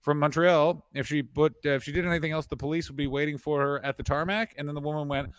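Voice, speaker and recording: A man's voice: on the high side, steady tone, quick pace, few pauses, fairly bright tone, smooth, dry recording. A man co-hosting a comedy podcast, telling rambling absurd stories and acting out other people's voices. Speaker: podcast co-host.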